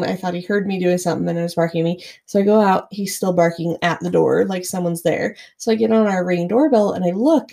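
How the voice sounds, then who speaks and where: Gravelly, casually swearing woman podcaster. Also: lowish voice, dark tone. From Utah, US. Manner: swears freely, storytelling. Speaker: podcast co-host. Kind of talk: casual chat.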